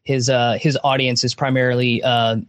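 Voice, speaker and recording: A man's voice: medium pitch, little pitch movement, moderate pace, fairly bright tone, no echo. A man talking casually on a podcast about an event he organizes, chatty and often restarting his sentences.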